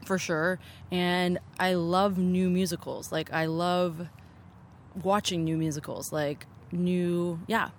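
A woman's voice: on the low side, steady tone, slow pace, a little hiss or hum. Chatty upbeat woman outdoors. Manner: chatty, upbeat, lots of "like" fillers. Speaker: choreographer and assistant director. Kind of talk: casual interview chat. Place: open-air theatre venue, outdoors.

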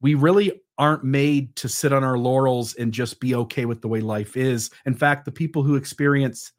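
A man's voice: mid-range voice, moderate pace. A man in his forties, a podcast guest who explains his ideas thoughtfully and with some fillers. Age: 40s. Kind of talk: conversational interview.

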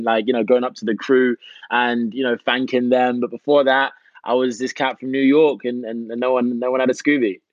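A British man, an actor, chatting casually as an interview guest, relaxed and full of "you know" and "man". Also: mid-range voice, no echo, dull audio. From England.

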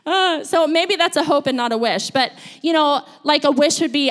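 A woman, a school counselor, giving a sermon in a church, telling stories in an animated, playful way. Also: sits high, brisk, hardly any pauses. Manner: storytelling, animated, playful with laughs. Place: church sanctuary.

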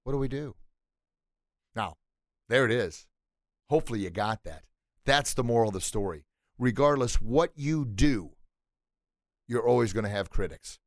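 A man delivering a motivational podcast monologue, speaking emphatically and animatedly straight to his listeners. His voice is mid-pitched and recorded on a close mic in a dry room. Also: expressive, moderate pace, long pauses, no room sound. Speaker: podcast host.

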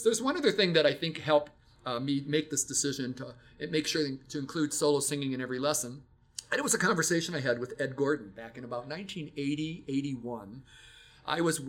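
An older man speaking at an ordinary middle pitch, in a relaxed teaching conversation. He shares stories from a long career in music education, often restarting a sentence as he thinks. His manner is reflective and unhurried. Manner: reflective, storytelling, frequent restarts. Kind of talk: casual teaching talk.

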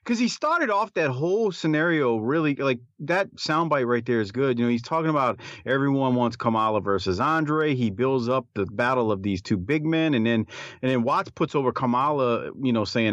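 Animated podcast co-host, man, dry lo-fi sound. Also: medium pitch, fairly quick, dry recording. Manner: excitable, animated, repeats words. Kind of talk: casual chat reviewing old wrestling.

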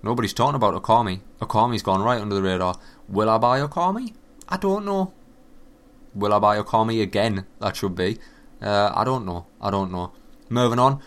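A man giving a casual, animated and profane running commentary on video games. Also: on the low side, brisk. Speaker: gaming commentator.

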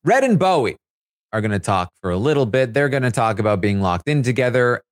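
A man's voice: mid-range voice, sing-song, brisk, no room sound. Casual man recapping a show, dry sound. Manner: conversational, loose, with many fillers. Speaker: host recapping reality show live feeds.

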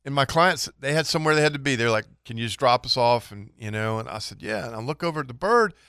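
A man's voice: mid-range voice, lively intonation, fast, a bit bright, clean tone, no echo, clean studio sound. A man, a charter fishing captain, telling a story in easygoing casual talk-show chat.

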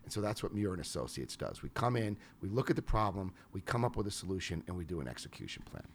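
A man from New York, an investor and business consultant, telling animated anecdotes in an interview. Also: sits low, fast, a little hiss or hum. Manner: animated anecdotes with quoted voices. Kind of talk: storytelling interview answers.

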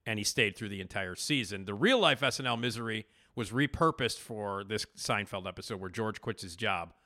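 A man hosting a podcast, casually retelling a TV backstage story with animated emphasis and frequent fillers. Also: on the low side. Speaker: podcast host.

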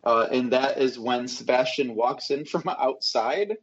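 A man at a middle pitch recaps events on a podcast, hesitant and full of fillers. His recording sounds slightly dull. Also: a little slow, slightly rough. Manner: hesitant, lots of uhs. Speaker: podcast co-host. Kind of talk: casual chat.

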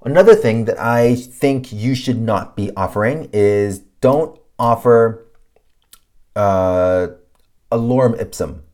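A man hosting a podcast, ranting casually about clients and cursing freely. His pitch sits in an ordinary middle range, and he talks loosely with many fillers. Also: slow, a little mellow. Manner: swears a lot, ranting, mocks clients in put-on voices. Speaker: podcast host. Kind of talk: casual profane advice monologue.

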